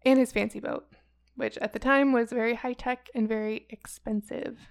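A young woman with a smooth, clear voice pitched a little high tells a true crime story on a podcast. She talks casually and chattily, hesitating and stumbling now and then. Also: fairly even intonation, normal speed. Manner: chatty, hesitant, laughs often. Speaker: podcast co-host.

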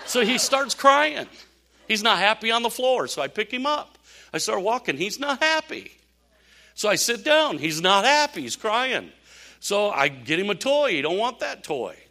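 An older man preaching a sermon, telling animated stories with laughs and asides. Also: sits high. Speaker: pastor.

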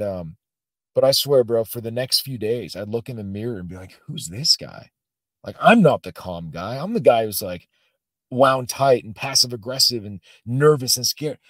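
Animated man telling a story, dry mic. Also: medium pitch, no room sound. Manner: animated, swings between loud bursts and quiet asides. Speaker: podcast guest. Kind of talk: casual storytelling.

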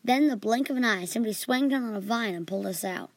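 A woman's voice: fairly high pitch, fast talker, no echo. A female podcast host reading her own fantasy adventure story in an earnest way, with small slips.

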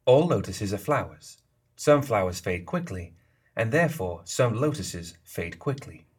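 A man's voice: fairly low pitch, animated, unhurried, breathy edge. A man voicing a smug, teasing geisha woman. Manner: playful, teasing and knowing. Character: sly, smug female geisha leader.

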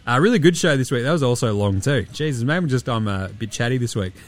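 A young Australian man hosts a casual sports podcast, laid-back and sweary, his voice tired and giving out. He talks fast and expressively at a medium pitch.

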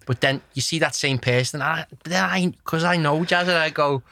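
Brisk male host with dry sound. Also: a little high, gravelly, sharp tone, dry recording. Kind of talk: interview questions.

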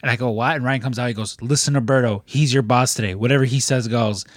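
A man's voice: medium pitch, steady tone, fast, no room sound, studio quality. Easygoing man in a rambling podcast chat. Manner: easygoing storyteller, loose and rambling. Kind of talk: casual chat.

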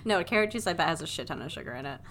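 A woman's voice: on the low side, very fast, slight background noise. A young woman co-hosting a podcast, chatting casually and telling stories with laughs. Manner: laughing, animated storytelling. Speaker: podcast co-host. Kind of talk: casual chat.

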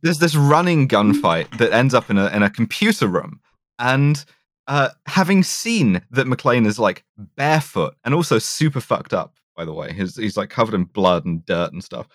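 A man talks through a film's plot in a loose, sweary podcast chat, going scene by scene and often restarting mid-sentence. His voice is of middling pitch. It sounds close and dry, with almost no room. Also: big pitch swings, normal speed, no echo. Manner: sweary, retells scenes step by step with many restarts. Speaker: podcast co-host. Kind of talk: casual film recap chat.

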